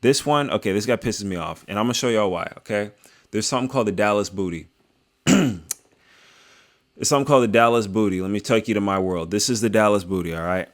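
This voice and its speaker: Young man, reaction commentary, low voice, rambling and slangy, jokes throughout. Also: fast talker. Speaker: video creator reviewing fights.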